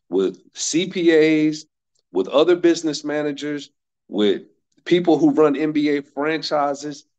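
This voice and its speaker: A man's voice: medium pitch, a little mellow, highs cut off. Emphatic man in his fifties lecturing. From North Carolina, United States. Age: 50s. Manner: emphatic, repeats key phrases for stress. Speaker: workshop speaker. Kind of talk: motivational workshop talk.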